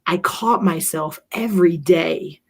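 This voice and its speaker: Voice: mid-range voice, measured pace, vocal fry, slightly rough. A middle-aged co-host speaking earnestly in a rambling, self-deprecating way, with plenty of fillers, about being a parent. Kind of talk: reflective conversational talk.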